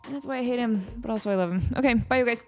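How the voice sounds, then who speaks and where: Woman, podcast host, casual solo chat, animated storytelling, playful, higher pitch. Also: rapid-fire, faint music behind.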